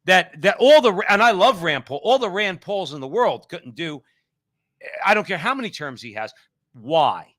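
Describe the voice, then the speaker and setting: A man's voice: fairly high pitch, sharp tone. A man co-hosting a talk show, delivering impassioned, preachy commentary with repeated refrains. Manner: fiery, preachy, repetitive. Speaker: co-host.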